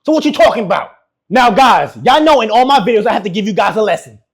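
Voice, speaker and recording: High gravelly ranting man. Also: expressive, fast. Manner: brash, mocking, repeats insults; laughs often while talking. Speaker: YouTube relationship commentator. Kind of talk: ranting reaction commentary.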